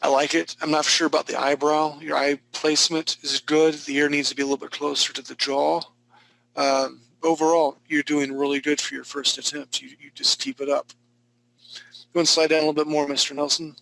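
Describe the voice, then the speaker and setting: A man's voice: a little high, level tone, fairly quick, vocal fry, fairly bright tone, dry recording, poor audio. A man teaching a live online drawing class, giving casual, encouraging critiques of students' work with jokes and frequent restarts. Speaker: art instructor.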